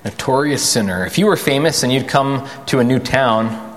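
A man preaching a sermon in a conversational way, asking the listeners questions and slowing down for emphasis. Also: medium pitch, in a large hall. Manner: conversational, rhetorical questions, dramatic slow emphasis.

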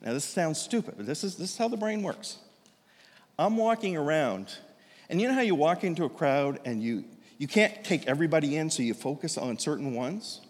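A man in his fifties, a pastor telling a story in a sermon, animated and self-deprecating, with frequent restarts. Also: fairly high pitch, fairly quick. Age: 50s. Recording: long hall reverb.

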